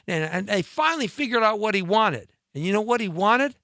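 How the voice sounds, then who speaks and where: A talk-show host man delivers a comic rant, his voice swooping up and down in mockery. He sounds high and bright, with a sharp edge. The recording is close and dry. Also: a little fast, hardly any pauses, no room sound. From mixed Latin and Scottish-Irish heritage. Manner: animated, ranting, mocking with sudden pitch jumps. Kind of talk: comedic monologue rant.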